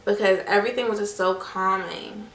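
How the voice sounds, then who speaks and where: A young woman vlogger settles a baby at home while chattily telling viewers a personal story, calling them "you guys" and "y'all" and acting out voices. Her voice is medium-pitched, fairly even, a bit bright, and moderately paced. The echoey room, distant mic, and slight hiss or hum are audible.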